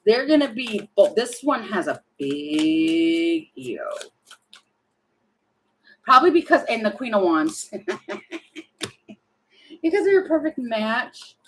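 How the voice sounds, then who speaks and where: A woman's voice: fairly high pitch, sing-song, slow pace, pauses often, a little hiss or hum, low-quality recording. A woman doing a casual tarot reading, chatty and thinking aloud, often laughing and breaking off. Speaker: tarot reader.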